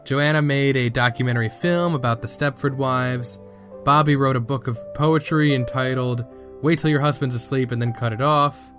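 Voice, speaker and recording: A man in his thirties recaps a film on a casual podcast at a middle pitch. He jumps up in pitch for emphasis. Faint music runs behind him. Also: fairly even intonation, moderate pace, a bit bright. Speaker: podcast co-host. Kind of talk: casual movie review chat.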